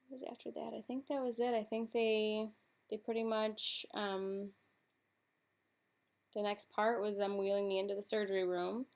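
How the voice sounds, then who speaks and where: Young woman, casual vlog, chatty, filler-heavy, mid pitch, unscripted storytelling. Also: level tone. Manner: chatty, frequent fillers and "like", recounts in quick sequence. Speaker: vlogger.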